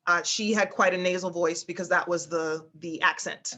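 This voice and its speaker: A woman's voice: fairly even intonation, normal speed, sharp tone. Woman teaching an online voice class. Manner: demonstrates pitches with exaggerated exclamations, frequent fillers. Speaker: speech instructor.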